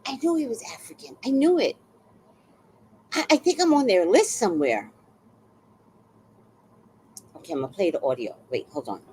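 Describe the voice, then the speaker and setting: A woman's voice: fairly low pitch, moderate pace, pauses often, a little hiss or hum. A woman hosting a livestream, talking to her viewers in an exclaiming, swearing way. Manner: animated, exclaiming, swears freely. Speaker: livestream host. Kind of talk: casual livestream chat.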